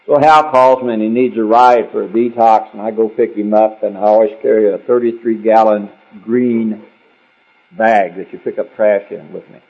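A man's voice: fairly low pitch, steady tone, normal speed, a little mellow, husky. A man telling a personal story at a recovery meeting in a rambling, conversational, wry way. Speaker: speaker sharing his story at a recovery meeting. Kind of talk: storytelling talk. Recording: dull lo-fi recording.

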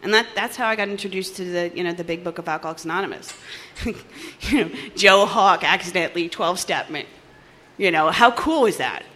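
Animated bright-voiced woman telling her story. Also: fairly low pitch, a little fast. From New Jersey. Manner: animated storytelling, acts out dialogue, laughs often. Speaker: recovery meeting speaker. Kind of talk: personal testimony at a recovery meeting.

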